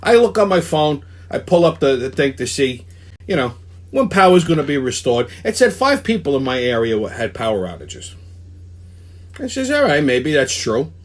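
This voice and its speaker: A man's voice: a little high, big pitch swings, normal speed. A man, hosting a ranting weekly commentary, heated and swearing constantly. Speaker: show host.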